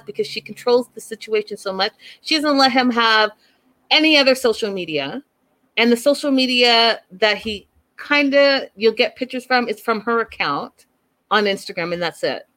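A woman's voice: medium pitch, fairly bright tone. A woman giving blunt, opinionated commentary on a reality show, speaking straight to her viewers. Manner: emphatic, blunt, talks straight to "you guys". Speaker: reality TV recap vlogger.

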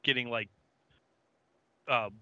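A man co-hosting a casual podcast who speaks in halting bursts and makes blunt interjections. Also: mid-range voice, steady tone, pushed and bright, no echo. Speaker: podcast co-host. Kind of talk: casual chat. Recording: dull dry recording.

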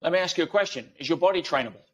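Man, kinda high voice, talks emphatic, lots of analogies and questions. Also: animated, rapid-fire, fairly bright tone, dull audio. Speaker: guest speaker. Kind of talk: conversational interview.

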